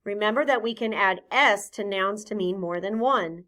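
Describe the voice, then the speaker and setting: A woman teaching a phonics lesson to young children, patient and clear, sounding out each letter sound deliberately. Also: mid-range voice, fairly bright tone.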